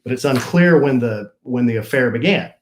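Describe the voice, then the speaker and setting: A man's voice: medium pitch, expressive, normal speed, slight background noise. Man reading a story aloud in an echoey room. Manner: reads the article then banters, teasing. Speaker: co-host. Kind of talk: casual podcast chat, reading a news story aloud.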